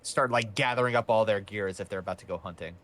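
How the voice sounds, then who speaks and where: A man's voice: fairly low pitch, fast talker, a bit bright. A man narrating as game master of a tabletop game in a loose, meandering way.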